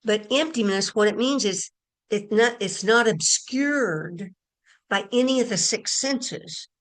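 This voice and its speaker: Slow-talking woman leading a spiritual group. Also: mid-range voice, a bit bright. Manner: earnest, meandering, with pauses and restarts. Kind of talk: spiritual talk to an online group.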